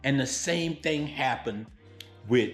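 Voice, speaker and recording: Blunt storyteller. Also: male voice, mid-range voice, takes it slowly, reverberant, faint music behind. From Louisiana, United States. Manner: animated, blunt, street-style storytelling. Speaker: vlogger. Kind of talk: storytelling vlog.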